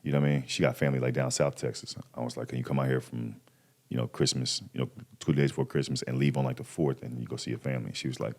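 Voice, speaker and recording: Very deep-voiced man telling a story. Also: fast, creaky. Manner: animated, acts out quoted voices, slangy. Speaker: podcast guest. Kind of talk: casual storytelling chat.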